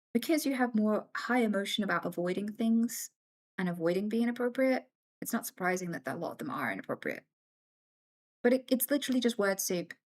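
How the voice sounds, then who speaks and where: A woman live streamer in casual chat, answering viewer questions candidly and acting out other people's voices as she tells stories. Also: mid-range voice. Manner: animated storyteller who acts out other voices; candid, swears freely.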